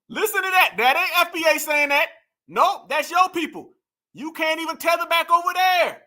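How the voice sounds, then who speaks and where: A man hosting reaction commentary, animated and mocking, talking straight to his viewers. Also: extremely high pitch, moderate pace. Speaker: commentary host.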